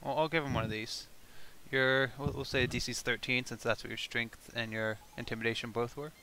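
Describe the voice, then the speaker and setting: A man narrating a tabletop game as game master, casual and halting as he describes the scene. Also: mid-range voice, flat delivery, pushed and bright, slight background noise.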